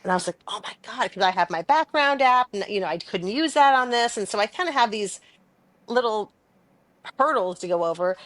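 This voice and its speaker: Woman podcast co-host, casual storytelling, animated and chatty, dry close sound. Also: medium pitch, a little fast, dry recording. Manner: animated, chatty, laughs often.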